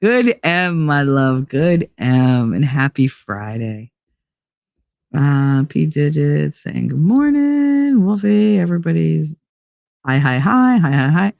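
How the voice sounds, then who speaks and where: Stream host, lively swinging pitch, dry close sound, sarcastic chat. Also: slow, gravelly, no echo, lo-fi sound. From United Kingdom. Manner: animated, chatty, sarcastic asides. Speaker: livestream podcast host. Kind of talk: casual chat reading live comments.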